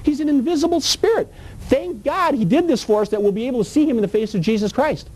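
A man's voice: very high-pitched, quick pace, noisy background. A man preaching a sermon, emphatic and full of rhetorical questions, with folksy grammar.

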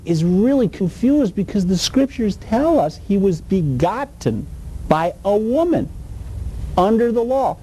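High, animated preaching man. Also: measured pace, a little hiss or hum, poor audio. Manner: emphatic, rhetorical questions, folksy grammar. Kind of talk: sermon.

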